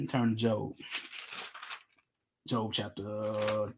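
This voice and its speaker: A man's voice: fairly low pitch, little pitch movement, slow, background noise. A middle-aged man preaching an informal Bible-teaching sermon, emphatic, firing rhetorical questions and joking with his listeners.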